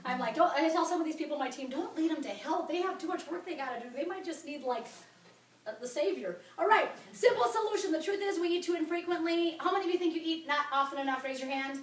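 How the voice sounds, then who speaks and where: A woman giving an energetic, blunt wellness talk to a group in a meeting room. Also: sits high, fast talker. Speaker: wellness coach presenter. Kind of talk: sales presentation to a group. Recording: roomy, from far off.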